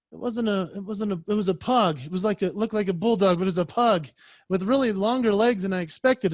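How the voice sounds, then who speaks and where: Brief: man, high voice, animated storytelling keynote speaker acting out voices, dry close sound on a video call. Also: no room sound. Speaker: professional speaker.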